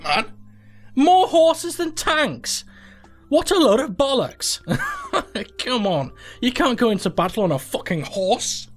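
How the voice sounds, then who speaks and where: A young man hosting a gaming channel, commenting casually and sweary as he plays a quiz game, thinking aloud in disbelief. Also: fairly high pitch.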